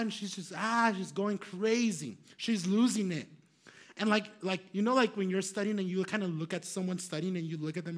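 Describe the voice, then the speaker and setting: High-voiced man preaching a story. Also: brisk. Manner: animated, laughing, full of fillers. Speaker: pastor. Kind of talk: storytelling sermon.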